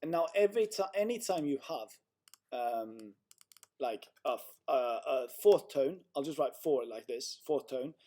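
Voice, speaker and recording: A man's voice: medium pitch, lively intonation, measured pace, mellow. A young man tutoring one student in Chinese pronunciation over a video call, patient and full of fillers and restarts. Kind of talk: one-on-one language lesson.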